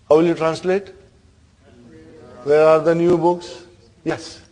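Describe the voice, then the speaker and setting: A man's voice: a little high, level tone, takes it slowly, pauses often, darkish tone. A man teaching an Arabic grammar class, quizzing his students and checking in with a "huh?" between points. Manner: questioning students, frequent "huh?" and laughs.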